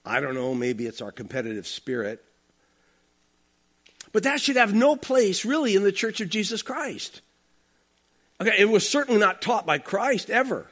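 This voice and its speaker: A man's voice: sits high, big pitch swings, normal speed, pauses often, fairly bright tone. A man preaching an expository sermon, talking emphatically and conversationally, with frequent asides to the congregation. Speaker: pastor.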